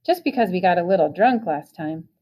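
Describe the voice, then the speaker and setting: A woman's voice: fairly low pitch, animated, fairly quick, dark tone. A woman voicing a wealthy teenage boy trying to talk a girl around. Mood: pleading.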